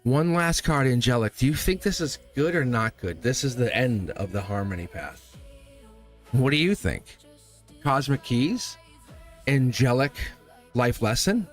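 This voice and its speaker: A man hosting a live tarot stream, talking straight to his viewers in an animated way and laughing often. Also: mid-range voice, a little slow, faint music behind.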